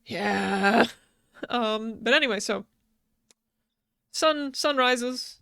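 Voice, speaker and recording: A woman's voice: fairly high pitch, drawn-out words, creaky, sharp tone, no room sound, studio quality. A young woman co-hosting a casual podcast, recapping a book with frequent laughs, casual swearing and many ums. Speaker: podcast co-host.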